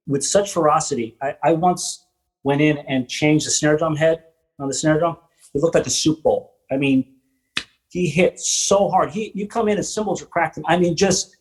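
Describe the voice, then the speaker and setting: A man hosting a podcast, telling rambling stories from his work as a theater drummer and quoting other people with animated voices. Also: fairly high pitch, low-quality recording. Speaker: podcast host and Broadway drummer. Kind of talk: casual interview chat.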